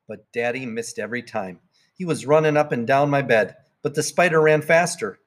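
A man narrating a children's storybook in a plain, even read-aloud manner. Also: mid-range voice, moderate pace. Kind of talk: storybook reading.

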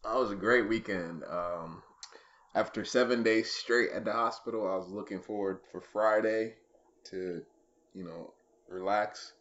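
A man's voice: lowish voice, unhurried, fairly bright tone. A man co-hosting a podcast, telling a story in a rambling casual way with lots of ums and uhs. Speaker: podcast co-host. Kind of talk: casual chat. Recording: muffled lo-fi podcast recording.

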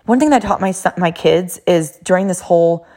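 A woman's voice: on the low side, brisk, dark tone. A middle-aged woman, a mother, telling a personal story in an emphatic, repetitive way.

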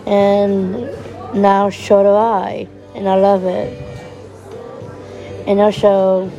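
A woman talking in a personal podcast monologue, halting and repeating herself, her voice breaking and teary. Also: mid-range voice, level tone, dark tone, highs cut off, soft background music.

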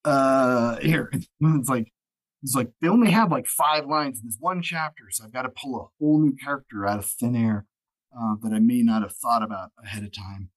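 A man's voice: medium pitch, fairly quick, rough recording. A man who narrates audiobooks, talking as a guest in a casual, rambling way full of fillers. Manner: rambling, filler-heavy, restarts often. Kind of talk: casual podcast chat.

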